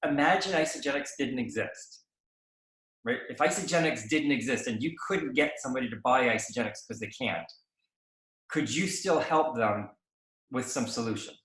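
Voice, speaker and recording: A man's voice: mid-range voice, normal speed. A man with a mid-range voice gives casual coaching on how to draw people out in conversation. He acts out little back-and-forth exchanges and keeps checking in with "right?". The room is bare and echoey, so his voice rings a little. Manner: animated, acts out dialogue, frequent tag "right?". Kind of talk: coaching chat, explaining sales conversations.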